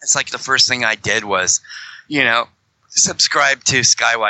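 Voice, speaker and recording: Male podcast guest, loose and digressive, constantly correcting himself, bright tone. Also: mid-range voice, a little slow, no room sound, low-quality recording. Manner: rambling, joking, many self-corrections. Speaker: guest, fellow fringe Christian show host. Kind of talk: casual podcast chat.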